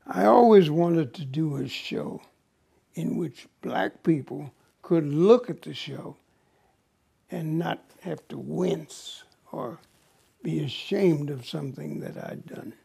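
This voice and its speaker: An older American man, an actor, telling stories from his career in an interview with a slow, halting, husky delivery. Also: fairly high pitch, warm tone. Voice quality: gravelly, husky. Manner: slow, halting, breathy at times. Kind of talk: reflective storytelling.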